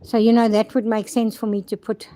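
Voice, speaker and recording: A woman's voice: on the high side, level tone, a little fast, background noise. An older woman from South Africa chatting casually in a vlog outdoors at a horse stable, rambling and talking fondly to her horses, recorded on a handheld phone. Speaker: vlogger.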